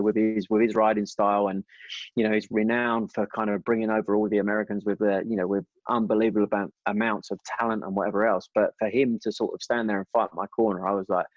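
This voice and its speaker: A man's voice: lowish voice, dry recording. A man telling racing stories in a casual interview, rambling with many restarts. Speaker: guest, former motorcycle racer. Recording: dull dry sound.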